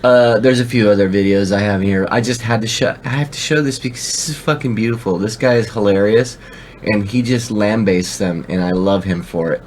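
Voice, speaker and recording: A man's voice: on the low side, fairly quick, slight background noise. A man co-hosting a podcast, reacting to a video in casual chat, profane, exasperated and emphatic. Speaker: podcast co-host.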